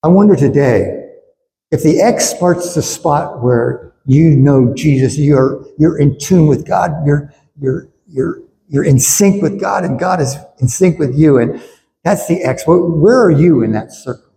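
A man's voice: on the high side, unhurried, creaky, mellow. A man preaching a sermon as pastor, earnest and emphatic, often repeating words as he builds to his points. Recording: echoey hall with faint ambience.

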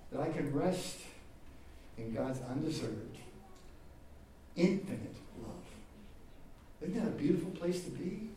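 A man preaching a sermon in an earnest manner, dropping to a hush for tender moments and rising for emphasis. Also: on the high side, recorded from a distance, a little hiss or hum. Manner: earnest, swings between loud emphasis and near-whispered tenderness. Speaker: pastor. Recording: echoey room, speaker away from the mic.

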